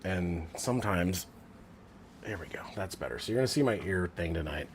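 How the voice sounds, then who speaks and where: A man's voice: low-pitched, lively intonation, moderate pace, slight background noise. Chatty man live-streaming football. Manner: chatty, rambling, many fillers. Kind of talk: casual live-stream chat. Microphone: Bluetooth headset.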